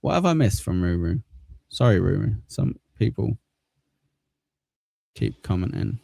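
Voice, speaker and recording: Low, mellow-voiced English stream host. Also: male voice, big pitch swings, a little slow, vocal fry, slightly rough, no echo. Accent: Mancunian. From southern England. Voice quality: swears often, laughs at himself. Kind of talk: casual live-stream chat.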